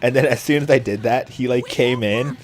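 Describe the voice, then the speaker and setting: A young man with a medium-pitched voice talks fairly quickly over faint background music, commenting on a video game as a let's play commentator. His casual gameplay commentary drifts into rambling stories, packed with filler words and frequent laughter.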